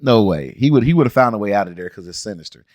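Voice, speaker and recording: A man's voice: fairly low pitch, lively intonation, fast talker, darkish tone, no room sound. A man from the Cincinnati area ranting bluntly and animatedly in a casual review vlog, with slangy, exasperated asides. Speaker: show reviewer and channel host.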